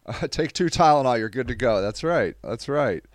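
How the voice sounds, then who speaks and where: A tired man with a stuffy nose hosts a podcast livestream, casually rambling, restarting, and reading out viewer comments. His mid-range voice has lively intonation at a normal speed, and the recording is dry.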